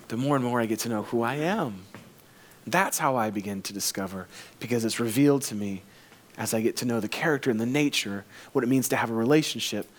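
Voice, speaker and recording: A man's voice: medium pitch, fairly bright tone. A man in his forties preaching a sermon as a pastor, conversational and joking, often repeating phrases.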